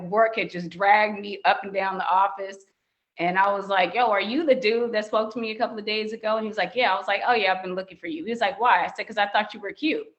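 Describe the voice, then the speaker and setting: A middle-aged woman, a podcast guest, telling a casual story and acting out the quoted dialogue in a raised voice. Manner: animated, acts out quoted dialogue in higher voices.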